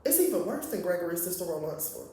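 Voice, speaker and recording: A man giving a casual, profane recap of a reality TV episode, laughing often and talking in an animated way. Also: sits high, fast, slight background noise. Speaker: reality TV reviewer. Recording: very echoey room, voice from far off.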